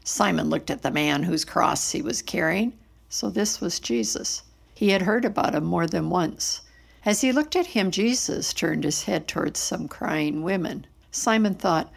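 A woman narrating a Bible story in a steady, earnest storytelling manner. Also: lowish voice, measured pace, vocal fry, husky.

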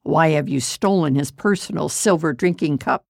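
A woman's voice: low-pitched, normal speed, vocal fry, dry recording, clean studio sound. A woman voicing a stern Egyptian lord. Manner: stern, commanding. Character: powerful Egyptian lord, stern grown man.

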